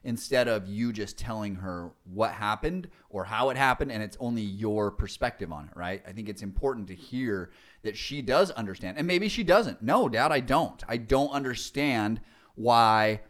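Young guy hosting a chill podcast, voice jumps all over, jokey and animated. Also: on the low side, normal speed. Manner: animated, joking, quotes people in voices. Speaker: podcast host, father. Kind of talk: casual podcast chat.

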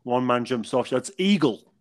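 Man co-hosting a podcast, cheerful and easy to laugh, mid pitch. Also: normal speed. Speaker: podcast co-host. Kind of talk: casual chat.

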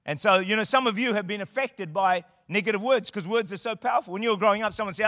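A man preaching a sermon in a church, impassioned and building to shouted declarations. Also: high-pitched, fast, hardly any pauses, no room sound, studio quality, big-room sound. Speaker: guest preacher. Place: church auditorium.

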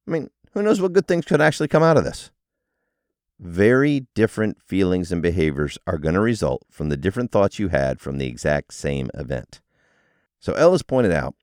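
A low-pitched man talking with a very lively, up-and-down delivery, like a coach explaining an idea to listeners. The sound is dry and close, with no room around it. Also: no echo. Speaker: podcast host. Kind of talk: solo motivational talk.

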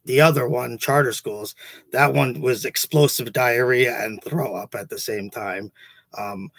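A man's voice: mid-range voice, no room sound. A man hosting a podcast, a teacher talking in a rambling, profane, casual way with many restarts. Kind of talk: casual chat.

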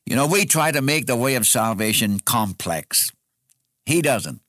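A man's voice: mid-range voice, animated, measured pace, fairly bright tone, no echo, clean studio sound. A man preaching an expository sermon in an earnest way, repeating phrases for emphasis.

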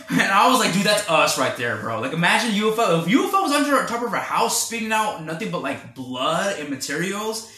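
A man's voice: high voice, big pitch swings, moderate pace, bright, forceful tone. A young man hosting a podcast, rambling through a casual film review with lots of fillers. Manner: rambling, filler-heavy retelling. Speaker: podcast host. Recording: roomy echo.

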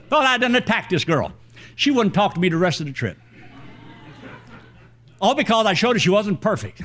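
An older man preaching a sermon, telling a personal story in a folksy, animated way. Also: sits high, normal speed, pauses often.

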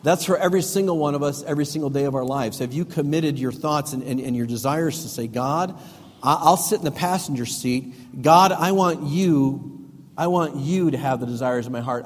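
A middle-aged male pastor preaching a sermon with emphatic swings between loud and hushed delivery. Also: on the high side. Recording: long hall reverb.

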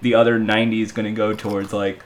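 A man's voice: on the low side, level tone, fast talker, slight background noise. A young man co-hosting a casual podcast, rambling with lots of fillers and restarts. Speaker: podcast co-host.

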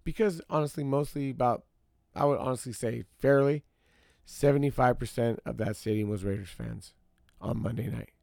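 A man's voice: medium pitch, moderate pace, creaky, a little mellow, dry recording, studio quality. A man hosting his own podcast, telling a story as a casual rant, repeating himself for emphasis and talking straight to his listeners. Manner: talks straight to listeners as y'all. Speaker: podcast host.

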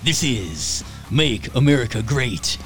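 A man doing a booming, hammy trailer announcer. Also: sing-song, soft background music. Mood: mock grandiose. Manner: slow, drawn-out, hammy delivery.

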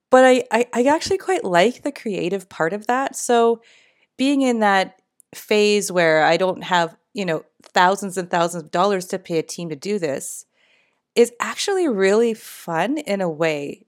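A woman's voice: mid-range voice, animated, normal speed. A middle-aged woman, hosting a casual solo podcast in her morning voice, chatty and rambling with frequent laughs. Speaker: podcast host.

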